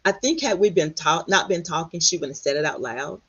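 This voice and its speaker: A middle-aged woman from Texas, a guest telling her story in an animated way, often acting out what others said. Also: fairly low pitch, brisk, slightly rough. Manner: animated, quotes others in lively voices. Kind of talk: storytelling in conversation. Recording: dull lo-fi sound.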